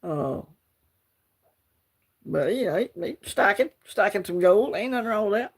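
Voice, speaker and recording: Southern alabama guy hosting a laid-back stream, gravelly voice, kinda high. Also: expressive, unhurried. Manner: laid-back, rambling, greets chat by name. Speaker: livestream host. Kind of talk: casual livestream chat.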